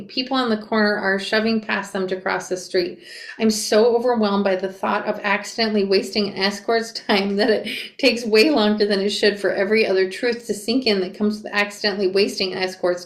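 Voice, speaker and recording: A young woman reading a memoir aloud and reacting to it, expressive and flustered as she re-enacts the narrator. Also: medium pitch, normal speed. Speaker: reader and reaction creator. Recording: echoey room.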